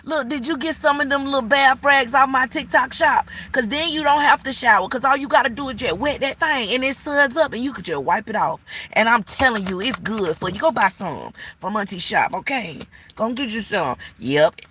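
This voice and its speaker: A woman's voice: a little high, lively intonation, moderate pace, few pauses, pushed and bright, breathy edge. A woman giving a live-stream tarot reading, sassy and blunt, cursing freely and scolding the viewer like an auntie. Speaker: tarot reader.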